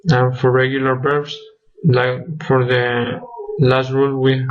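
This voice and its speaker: A man's voice: mid-range voice, level tone, takes it slowly. A young man presenting a grammar lesson from slides as a student, listing examples one by one. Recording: dull lo-fi recording.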